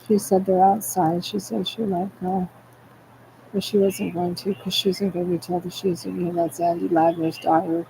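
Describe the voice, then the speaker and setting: A woman's voice: fairly low pitch, flat delivery, moderate pace, gravelly, warm tone, a little hiss or hum, low-quality recording. A tearful woman in a rambling, distressed monologue, agitated and repetitive, swearing as she talks.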